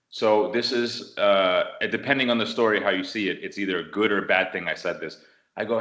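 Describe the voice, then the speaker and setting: A man from the United States telling a martial arts story in an interview, animated and acting out what people said. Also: fairly low pitch, brisk. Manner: animated storyteller, acts out quotes. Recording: roomy echo.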